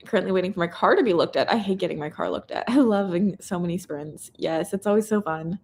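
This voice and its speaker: A woman's voice: on the low side, quick pace, gravelly, darkish tone, a little hiss or hum. A young Canadian woman hosting a casual live reading stream, reading out viewer comments in a bubbly, chatty way. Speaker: booktuber reading chat host.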